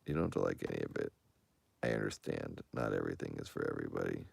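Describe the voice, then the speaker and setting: A man with an extremely low voice and a gravelly rasp talks casually to his online viewers. He answers their comments one by one, rambling defensively and often restarting his sentences. The recording is dry and close, with no room sound. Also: quick pace, darkish tone, dry recording. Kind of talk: casual chat to an online audience.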